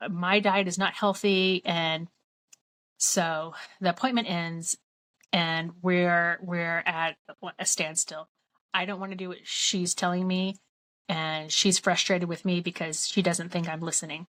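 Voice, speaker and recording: A woman's voice: on the low side, little pitch movement, slow pace, fairly bright tone. A woman vlogger earnestly telling a personal story, quoting both sides of a conversation as she goes.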